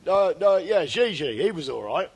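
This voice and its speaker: Man, high-pitched, deadpan, comic chat co-host, mock French bits. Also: moderate pace, slightly rough. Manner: deadpan, puts on silly French accents. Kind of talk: comedic banter.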